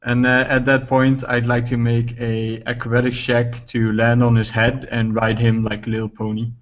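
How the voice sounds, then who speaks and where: A man's voice: medium pitch, monotone, moderate pace. A man playing a tabletop game, talking in a casual, joking way, on a muffled lo-fi recording. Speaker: player.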